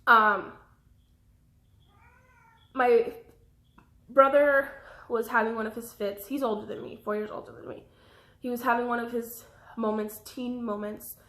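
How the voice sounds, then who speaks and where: A young woman speaks straight to her camera in a personal vlog, rambling from thought to thought and pausing to apologize for her scattered thinking. Her voice sits a little high and sounds bright. The room around her adds a noticeable echo. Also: fairly even intonation. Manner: rambling, jumps between thoughts, apologetic asides. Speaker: vlogger.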